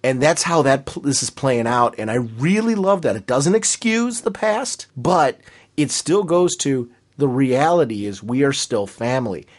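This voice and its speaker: A man's voice: medium pitch, expressive, unhurried. A man co-hosting a podcast in casual chat, emphatic and enthusiastic, often repeating his points. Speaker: podcast co-host.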